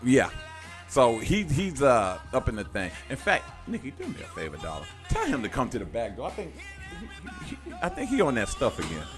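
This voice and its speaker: A man's voice: mid-range voice, wildly swooping pitch, a little fast, over music. A man hosting a talk radio show in a loose, joking, slangy way.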